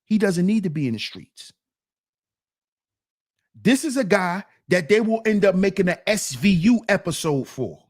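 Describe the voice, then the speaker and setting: A man's voice: high voice, unhurried, pauses often, no echo, studio quality. A man hosting his own channel, giving casual commentary on a clip in an emphatic way, often saying "see". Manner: animated, emphatic, repeats "see". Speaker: commentary host.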